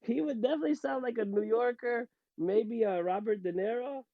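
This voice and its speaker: Gravelly man on a dull, dry line. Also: extremely high pitch, brisk, dry recording. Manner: rambling, restarts often, laughs. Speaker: podcast guest. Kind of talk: casual podcast chat.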